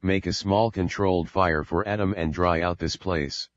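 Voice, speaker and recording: A man voicing a patient, fatherly creator who speaks calmly and gives firm commands, in an audiobook reading. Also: deep voice, normal speed, no echo, dull audio, lightly acted. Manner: calm, firm.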